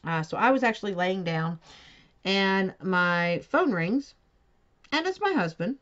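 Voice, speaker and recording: A woman's voice: medium pitch, expressive, a little slow, fairly bright tone. A woman chatting casually while she crafts, telling a story at a rambling pace and correcting herself along the way. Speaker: crafting vlogger. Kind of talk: casual chat while diamond painting. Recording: dull lo-fi home recording.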